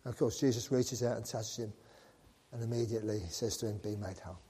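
A man preaching a sermon, animated and joking with the congregation. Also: medium pitch, fast, slight background noise. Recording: long reverb of a large hall.

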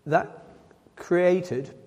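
A man delivers a sermon in a mellow, relaxed voice that sits a little high. He reads scripture aloud, then unpacks it with repeated phrases and quick self-corrections. His voice rings with a long reverb, as in a church hall. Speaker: preacher.

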